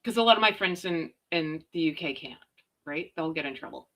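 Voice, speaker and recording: A middle-aged Canadian woman rants as a commentary vlogger, blunt and sarcastic, using slang and some mild swearing. Her voice is deep, a bit bright, and fairly quick.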